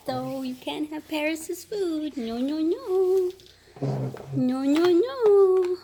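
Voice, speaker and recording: A woman in her fifties, a grandmother, vlogging at home and cooing at her grandchildren in excitable, sing-song baby talk. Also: high-pitched, takes it slowly, slight background noise. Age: 50s. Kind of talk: casual home vlog, talking to grandchildren.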